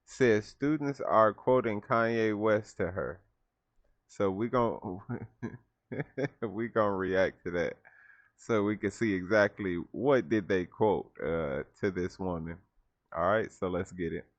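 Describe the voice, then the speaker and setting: A man hosting a reaction video, talking in a casual, animated and incredulous way. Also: fairly low pitch, slow pace, dry recording, lo-fi sound. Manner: animated, incredulous, laughs often. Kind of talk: casual commentary reacting to a clip.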